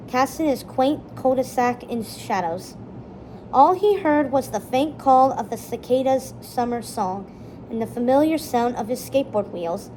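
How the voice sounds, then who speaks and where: A woman narrating a children's chapter book aloud in a steady, expressive storytelling manner. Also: on the high side, slight background noise, low-quality recording. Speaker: storybook reader.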